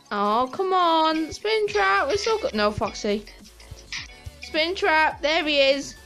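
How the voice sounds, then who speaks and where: A woman giving giggly, excitable commentary while playing a dating sim and reading its lines aloud. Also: high voice, takes it slowly, faint music behind. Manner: giggly and excitable, reads game text aloud. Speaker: gaming video host. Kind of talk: let's play commentary.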